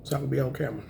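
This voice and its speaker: A woman, chatting to camera on her eating show, emotional and thankful, with a voice that is raspy at times. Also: a bass voice, warm tone, a little hiss or hum. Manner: emotional, thankful, says y'all often. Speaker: mukbang vlogger.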